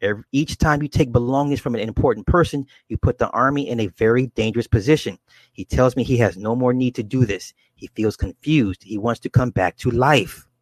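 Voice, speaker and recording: A man reading the lines of a woman clairvoyant in a trance, in slow, measured pronouncements. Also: mid-range voice, no room sound, close to an everyday voice. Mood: solemn.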